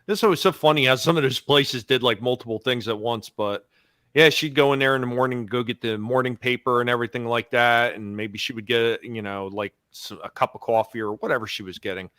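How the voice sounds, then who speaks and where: A man with a bright, forceful voice, chatting nostalgically about his childhood. The sound is dry and close. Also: medium pitch, steady tone, fairly quick, dry recording. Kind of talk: casual chat.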